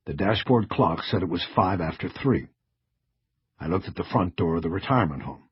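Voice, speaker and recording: A man narrating a first-person audiobook in a measured, understated reading. His voice is very low and strongly husky. The sound is dry and slightly dull. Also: animated, no echo.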